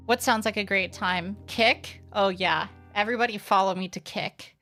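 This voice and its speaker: Speaking at a normal speed with few pauses, a young woman streamer with a mid-range, somewhat bright voice chats casually with her live audience. Candid, sarcastic and swearing freely, she rambles with many fillers over faint background music.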